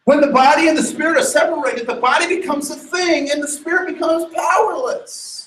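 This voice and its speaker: Man, sermon-like talk, emphatic, rhetorical questions, high voice, echoey room. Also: fairly quick, a little hiss or hum. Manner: animated, emphatic, many restarts and rhetorical questions. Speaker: speaker addressing an audience.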